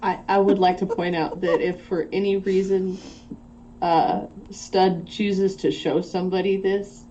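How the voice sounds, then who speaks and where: A woman playing a tabletop game who speaks in a deliberate, deadpan way. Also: fairly low pitch, a little hiss or hum. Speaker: player. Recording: dull lo-fi audio.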